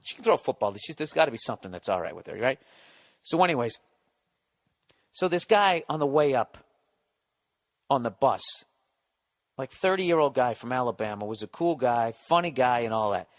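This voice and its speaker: A man telling a comic story as a podcast guest, animated, blunt and full of swearing. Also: mid-range voice, normal speed, long pauses.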